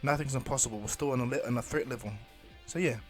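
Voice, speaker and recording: A man's voice: mid-range voice, fast, soft background music. A man improvising a fan story retelling, rambling with many ums and restarts and briefly voicing the characters. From New Zealand.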